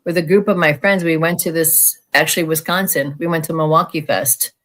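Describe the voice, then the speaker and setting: A woman with a lowish voice tells her story as a guest in an easy, unscripted way. She grew up in the American Midwest and talks with frank, animated energy, acting out the voices of the people she quotes. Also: a little fast. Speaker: guest sharing alien encounter experiences. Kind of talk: casual storytelling in conversation.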